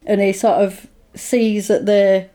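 At a slow pace and medium pitch, a woman co-hosting a podcast gives a long, rambling recap of a film's plot in casual chat. Fillers like "like" and "basically" pile up, and she takes on the characters' voices whenever she quotes them.

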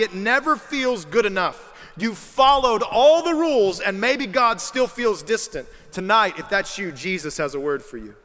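Bright-voiced man preaching in a hall. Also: sits high. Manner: conversational storytelling, voices quoted people. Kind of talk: sermon. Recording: reverberant hall with music underneath.

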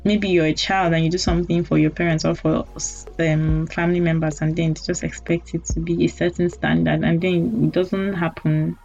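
A woman's voice: on the low side, flat delivery, normal speed, hardly any pauses, darkish tone. A young Nigerian woman hosting a casual solo podcast, talking candidly and teasing her listeners with mock apologies and laughing asides. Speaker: podcast host. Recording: dull lo-fi audio with faint music.

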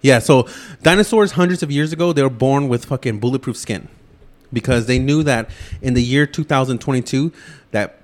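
A man hosting a podcast, ranting loudly and swearing nonstop as he reviews a movie. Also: medium pitch. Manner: loud, swearing, rapid ranting. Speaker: podcast host. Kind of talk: profane movie-review rant.

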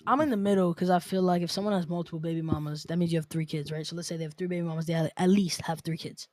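A woman's voice: lowish voice, steady tone, very fast, darkish tone, no room sound. A woman hosting a podcast, chatting casually and animatedly, laughing often as she talks. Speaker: podcast host.

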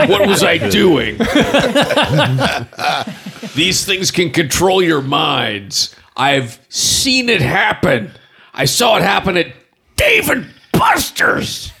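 A man playing in a tabletop game, joking loudly with sudden animated outbursts. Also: high-pitched, very slow, creaky, long pauses, husky. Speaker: player. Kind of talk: casual tabletop play.

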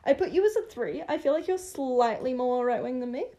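Giggly young woman with a lively, high voice. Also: fairly quick. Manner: chatty, laughs often, swears casually. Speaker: podcast co-host. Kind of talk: casual chat.

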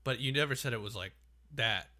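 A young man co-hosting a casual podcast, chiming in with quick reactions, jokes and laughs. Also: mid-range voice, pushed and bright. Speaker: podcast co-host. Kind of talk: casual chat.

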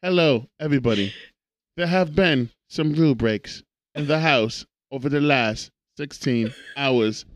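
A man's voice: medium pitch, a little slow, lightly acted. A man voicing a prim, English-accented female AI house assistant that announces rule breaks, complete with chime sounds. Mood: formal.

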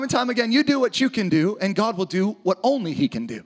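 A man preaching an energetic sermon to a church audience, often shouting for emphasis. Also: high voice, fast, few pauses, soft background music, some chatter behind. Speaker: pastor. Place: church auditorium with live audience.

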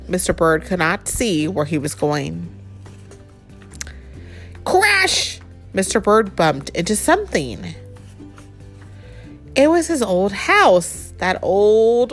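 A woman reading a picture book aloud to a child in a playful, expressive storytelling voice. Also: medium pitch, a little slow, faint music behind. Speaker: reader.

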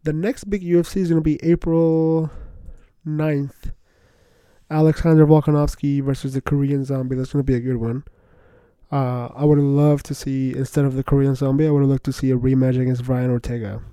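A young man hosting a podcast, rambling excitedly in casual slangy chatter, full of "bro" and "like". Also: medium pitch, moderate pace, clean tone, no echo. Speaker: podcast host. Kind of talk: casual solo podcast talk.

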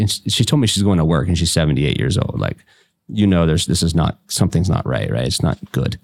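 A man's voice: sits low, lively intonation, quick pace, vocal fry. A man from West Virginia with an Appalachian accent, chatting casually as a life coach, folksy and blunt, with double negatives and swearing. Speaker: life coach and podcast guest. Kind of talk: casual conversation.

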